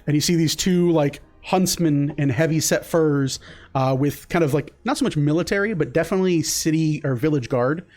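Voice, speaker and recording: A man's voice: on the high side, normal speed, a little mellow. A man narrating a tabletop game as game master, in a loose style full of fillers, with music behind.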